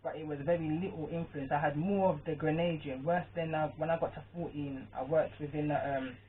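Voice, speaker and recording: A woman's voice: low voice, steady tone, brisk, slight background noise. A British-born woman with a Caribbean patois twang, chatting casually to camera as a spiritual card-reading vlogger, rambling and often checking in with her listener. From Britain. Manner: chatty, rambling, often asks "you understand?". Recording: tinny phone-like sound with faint music.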